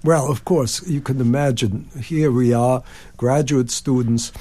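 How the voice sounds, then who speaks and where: An old composer in his 90s, interviewed on radio, tells lively anecdotes while singing phrases and performing others' words. His voice is mid-range and his pace measured.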